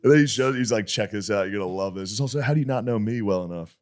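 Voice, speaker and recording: A man with a fairly low voice riffs on a comedy podcast. He is crude and sarcastic and laughs often as he tells his stories. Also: rapid-fire, darkish tone. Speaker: podcast host. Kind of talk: casual comedy podcast chat.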